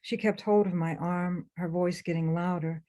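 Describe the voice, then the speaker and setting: A woman author reading her own memoir aloud for a webinar, in a measured, intense first-person delivery. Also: fairly low pitch, fairly even intonation, mellow. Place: remote webinar.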